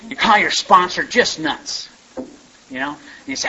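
Man, recovery meeting share, rambling folksy storytelling, slightly high voice, dull lo-fi sound. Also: very animated, a little slow, creaky, sharp tone, breathy edge. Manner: rambling, folksy, repeats "man" and "you know". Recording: dull lo-fi recording with faint hiss.

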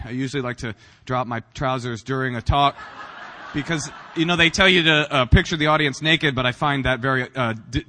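A man's voice: mid-range voice, sharp tone. Man, from Northern California, recovery meeting speaker, rambling, self-mocking, lots of fillers, long hall reverb. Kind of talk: humorous personal recovery talk. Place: meeting room.

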